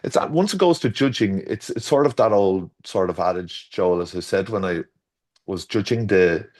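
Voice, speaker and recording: A middle-aged Irish man with a very low-pitched voice, chatting as a guest about his design work. He tells long, winding stories, doubling back on his words and jumping up in pitch whenever he acts out what someone said. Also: animated, moderate pace, darkish tone. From Ireland. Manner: rambling storyteller, restarts, acts out quotes with shifting pitch. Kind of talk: casual conversational interview.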